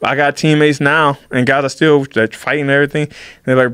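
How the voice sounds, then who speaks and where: A man recounting a personal story at a rapid clip, lively and animated as he acts out what others said to him. His voice is close and dry, with no room sound around it. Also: mid-range voice, clean tone, no room sound. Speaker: podcast guest, fighter. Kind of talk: casual storytelling.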